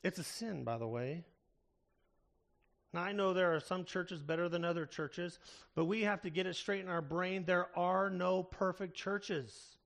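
A man preaches a sermon with an earnest, steady delivery. His voice sits a little high for a man and carries a gravelly fry. He slows right down to lean on the words that matter. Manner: earnest preaching with slow emphatic stresses. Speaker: pastor.

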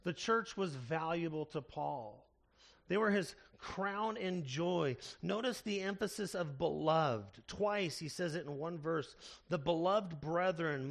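A man preaches a sermon with an earnest, steady delivery. His voice sits a little high for a man and carries a gravelly fry. He slows right down to lean on the words that matter. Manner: earnest preaching with slow emphatic stresses. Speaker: pastor.

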